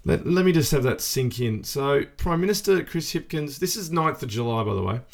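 A man's voice: a little high, animated, fairly quick, vocal fry. Aussie guy on a podcast, swears a lot, laughs at his own jokes, voice goes up and down heaps. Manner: profane, jokey, laughs a lot. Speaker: podcast co-host. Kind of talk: casual chat.

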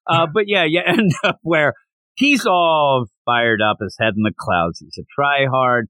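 On his casual manga review podcast, a male host retells scenes with energy, acting out the characters' lines in an animated way. His voice is mid-range and his pace measured, with no room sound in the recording.

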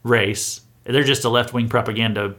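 A man's voice: medium pitch, fairly even intonation, moderate pace, bright, forceful tone. A man hosting a satirical news show, delivering a mock-earnest, sarcastic monologue with hesitant restarts.

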